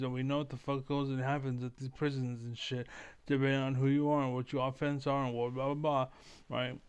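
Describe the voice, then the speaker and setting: Smooth-voiced man in a rambling rant. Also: mid-range voice. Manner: rambling, profane, heavy on fillers. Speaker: streamer. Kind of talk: casual ranting monologue.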